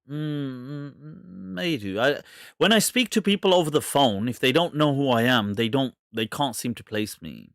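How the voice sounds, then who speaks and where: A British man hosts a live question-and-answer stream in a loose, rambling way, breaking into laughter again and again. His voice sits at a middle pitch. His accent is hard to place, and the sound is dry, with no room echo. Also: lively intonation, normal speed. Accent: mixed British English, hard to place. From England. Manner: chatty, laughs often, rambling asides. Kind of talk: casual live Q&A chat.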